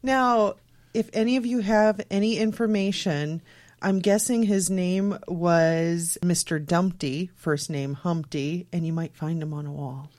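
A woman's voice: fairly low pitch, unhurried, darkish tone. Woman reading strange news stories. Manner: reads stories, breaks into giggles and wry jokes. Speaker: podcast co-host.

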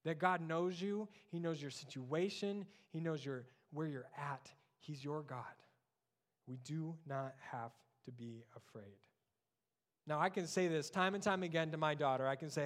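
Soft-ending pastor with a higher voice. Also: male voice, moderate pace. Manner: drops soft and low on key words. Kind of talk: sermon.

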